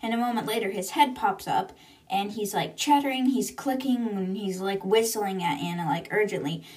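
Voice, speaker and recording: A woman's voice: mid-range voice, normal speed, darkish tone. Woman chatting through a book recap, loose and rambly, lots of likes. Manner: chatty, full of "like" and "kind of". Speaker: book podcast host. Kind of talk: casual chapter recap.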